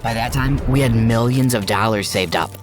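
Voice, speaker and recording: A narrator telling a first-person storytime tale in a steady, even manner, over background music. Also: mid-range voice, moderate pace.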